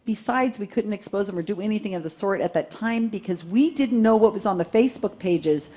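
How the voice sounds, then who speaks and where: A woman giving a live talk to a seated audience, telling a story in an animated way, laughing and acting out quotes. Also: mid-range voice, fairly quick. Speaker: conference speaker.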